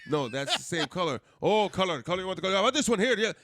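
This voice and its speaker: A man's voice: high-pitched, big pitch swings, very fast, a bit bright, a little hiss or hum, pitched above the performer's own voice. A man putting on the voice of a pushy, aggressive male rug salesman. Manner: insistent, aggressive salesman patter.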